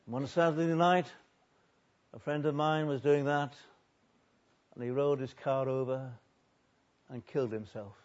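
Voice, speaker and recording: A man preaching a sermon earnestly, building loud on repeated lists and then dropping low and quiet. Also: steady tone, measured pace, long pauses, highs cut off.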